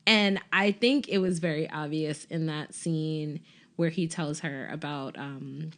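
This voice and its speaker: A woman's voice: sits low, a little slow. Laughing woman recapping a TV episode. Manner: animated, laughs often, acts out characters' lines. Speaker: podcast co-host. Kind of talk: casual TV recap chat.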